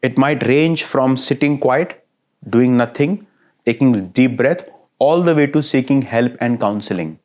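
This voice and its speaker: A man's voice: medium pitch, a little slow. Lecturing man, checks in with listeners. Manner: lively, asks listeners frequent checking questions; repeats phrases in lists. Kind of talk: recorded classroom lecture.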